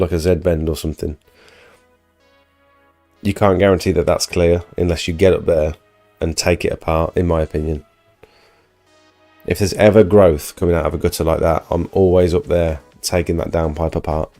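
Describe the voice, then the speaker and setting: A man's voice: low voice, a little mellow. A man hosting a live stream, chatting casually as he answers viewer questions while getting over an illness and losing his voice. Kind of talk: casual live Q&A about pressure washing.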